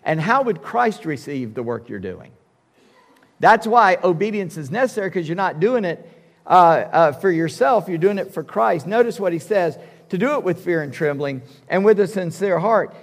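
A man's voice: high voice, animated, normal speed, big-room sound. A male pastor preaching a sermon in an emphatic, conversational way with casual asides. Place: church sanctuary.

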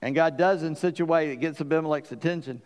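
A man preaching a sermon as pastor, lively and animated, acting out the voices in the story. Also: fairly high pitch, quick pace, long reverb tail.

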